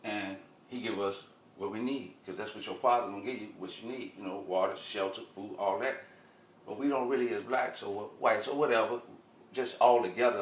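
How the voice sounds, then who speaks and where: A man's voice: mid-range voice, steady tone, fast talker, a bit bright. A man vlogging, telling a rambling spiritual story in loose, profane, repetitive street talk. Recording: roomy echo.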